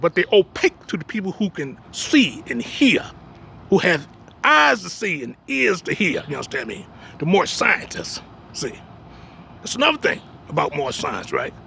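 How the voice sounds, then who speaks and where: A man's voice: high-pitched, sing-song, normal speed, gravelly, pushed and bright, a little hiss or hum. A man preaching in a blunt, emphatic way. He keeps asking "you understand me?" and drops streetwise jokes between points. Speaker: religious teacher. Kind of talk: preaching talk.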